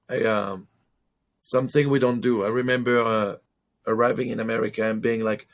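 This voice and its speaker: A man from France with a French accent, a native French speaker, telling animated stories in a casual podcast chat. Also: mid-range voice, fairly quick. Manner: animated storyteller.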